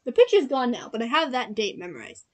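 Young woman, a bit high-pitched, in a laid-back chat; giggly, rambling storyteller. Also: big pitch swings, fast talker, a little mellow. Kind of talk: casual chat.

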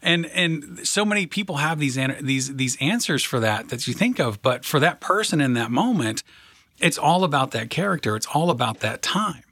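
A man's voice: fairly high pitch, animated, normal speed, sharp tone, breathy edge, no room sound, studio quality. Earnest man giving mindset coaching. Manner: earnest, repetitive emphasis with frequent "right?". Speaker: podcast co-host and mindset coach. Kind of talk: motivational coaching talk.

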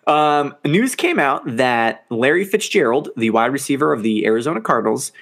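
A man co-hosting a sports podcast in casual, animated chat, laughing often and swearing now and then. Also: medium pitch, moderate pace. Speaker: podcast co-host.

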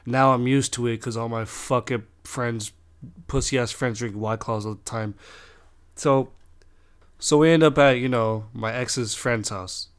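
A man's voice: mid-range voice, fairly even intonation, measured pace, smooth. A young man telling a long personal story in a rambling, casual way, swearing constantly and restarting his sentences.

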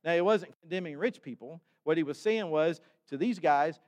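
A man preaching a sermon in a conversational way, with sudden bursts of loud emphasis. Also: on the high side, moderate pace. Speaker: pastor. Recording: long hall reverb.

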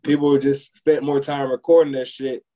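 A man co-hosting a podcast who talks at a middling pitch in a loose, rambling way. He piles up filler words as he tells a story to his friends. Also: little pitch movement, moderate pace, mellow, rough recording. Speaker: podcast co-host. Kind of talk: casual chat.

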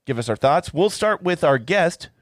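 A man's voice: a little high, expressive, moderate pace, no echo, clean studio sound. A man hosting a movie podcast in casual chat, repeating words as he starts his sentences. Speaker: podcast host.

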